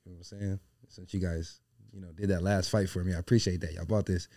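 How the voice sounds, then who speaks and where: A man co-hosting a podcast, telling a rambling anecdote in a casual, animated way, full of slang and swearing. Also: low voice, quick pace. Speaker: podcast co-host.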